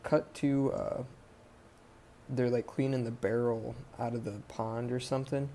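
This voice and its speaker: A man with a gravelly, dark voice retells a film for his podcast. He talks in a flat, even tone. He rambles, swears a lot and keeps drifting off the plot. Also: medium pitch, a little slow, slight background noise. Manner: rambling, profane, sidetracked. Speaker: podcast host. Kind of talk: casual movie recap.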